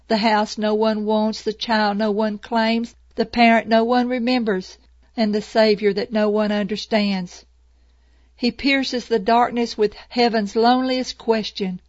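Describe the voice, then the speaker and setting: Slow, solemn woman reading devotions. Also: medium pitch, flat delivery, dry recording. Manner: slow, measured, solemn delivery. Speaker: devotional reader. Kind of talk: scripted devotional narration. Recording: dull lo-fi dry recording.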